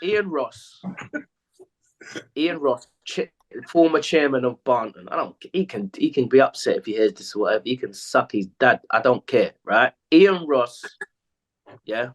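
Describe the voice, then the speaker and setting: A man's voice: medium pitch, animated, moderate pace. A man, co-hosting a casual football podcast, telling stories animatedly, acting out quotes and swearing freely. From England. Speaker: podcast co-host, former footballer. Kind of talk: casual chat.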